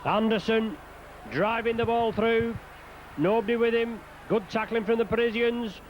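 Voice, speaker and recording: High-voiced male rugby commentator, brisk play-by-play. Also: steady tone, slight background noise. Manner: brisk play-by-play calling names, lifting at scoring moments. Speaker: rugby league match commentator. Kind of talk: live play-by-play sports commentary.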